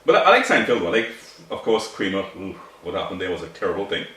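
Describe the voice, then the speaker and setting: Older male co-host, emphatic, very lively pitch, heavy room echo. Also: quick pace. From Trinidad. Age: 60s. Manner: emphatic, rhetorical questions, laughs often. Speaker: podcast co-host. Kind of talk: casual chat. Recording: very echoey room, mic at a distance.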